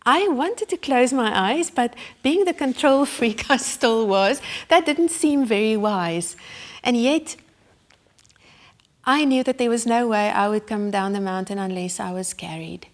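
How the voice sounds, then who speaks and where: A woman giving a sermon as a personal story, told vividly and with feeling, sometimes dropping to a hush. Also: a little high, lively intonation, a little slow. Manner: vivid, emotional storytelling with sudden hushed asides. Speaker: Christian speaker.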